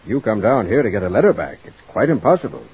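A man's voice: fairly low pitch, very animated, quick pace. A man playing a formal, patient postal official in an old radio drama, on a dull, faintly hissy recording. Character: stiff, polite male postal official, Mr. Rogers. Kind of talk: 1940s radio drama acting.

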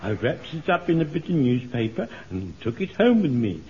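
An actor playing an elderly, flustered shopkeeper soldier who stammers and repeats himself eagerly, in radio sitcom acting. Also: male voice, mid-range voice, very animated, moderate pace, darkish tone, a little hiss or hum, natural voice. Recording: dull lo-fi radio recording.

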